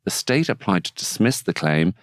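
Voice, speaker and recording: An Irish man, a barrister and mediator, hosts a legal podcast from a studio in a low, sing-song voice at a moderate pace. He's chatty and wry, full of asides and fillers, and the recording is dry.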